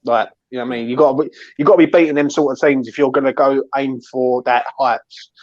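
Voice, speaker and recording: A man's voice: medium pitch, fairly even intonation, fast, a little mellow, no echo. A man giving passionate, emphatic opinions as a guest pundit on a live fan show. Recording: dry, dull lo-fi mic.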